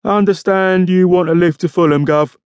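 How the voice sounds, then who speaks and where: A man's voice: high-pitched, fairly even intonation, darkish tone, clean tone, no echo, lo-fi sound, voice pushed up, close to an everyday voice. A man voicing a cheerful, breezy police driver in an audiobook. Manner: breezy, brisk.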